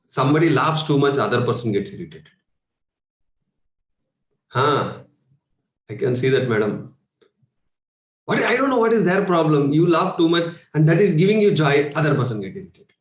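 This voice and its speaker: A man's voice: on the high side, very animated, moderate pace, pauses often. A man with an Indian English accent, giving a spiritual workshop talk as a meditation coach, speaking conversationally with rhetorical questions and chuckles. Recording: echoey room.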